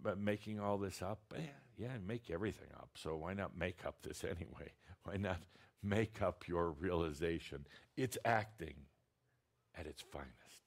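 A man channeling a spiritual teacher, talking to an audience in a blunt, direct, teasing way with many restarts. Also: deep voice.

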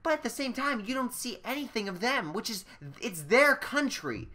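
Insistent man with a bright voice. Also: very high-pitched, very animated, moderate pace. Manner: critical and insistent, many restarts. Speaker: film reviewer. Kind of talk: casual film review chat.

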